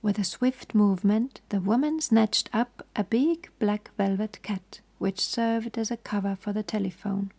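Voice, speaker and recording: A woman reads a bedtime story in a soft, hushed whisper. Her voice is husky and dark with a creaky, gravelly texture. She keeps an even, calm pace. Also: medium pitch, measured pace, few pauses. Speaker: sleep-story reader.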